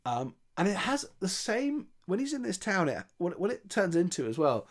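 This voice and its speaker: A man's voice: sits high, big pitch swings, normal speed. Chatty man rambling through a plot. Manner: chatty, rambling, with frequent restarts and voiced quotes. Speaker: podcast film reviewer. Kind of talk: casual chat retelling a film plot.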